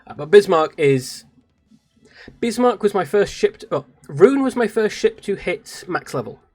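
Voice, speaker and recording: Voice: medium pitch, lively intonation, a little slow, darkish tone. A British streamer chatting casually and self-mockingly during a live game stream, laughing often. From Britain. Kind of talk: live game stream with read-aloud voices.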